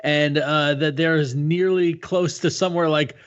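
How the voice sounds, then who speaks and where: A man's voice: on the high side, fairly even intonation, normal speed. Rambling male podcast host, lo-fi audio. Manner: rambling storyteller, acts out quotes. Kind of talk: casual chat. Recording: slightly dull lo-fi audio.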